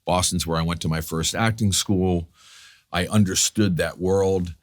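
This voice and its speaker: A man from New York telling animated, profane stories as a guest in a casual interview, acting out the people he quotes. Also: sits low, unhurried. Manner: animated, profane, restarts a lot, acts out quotes. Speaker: guest actor.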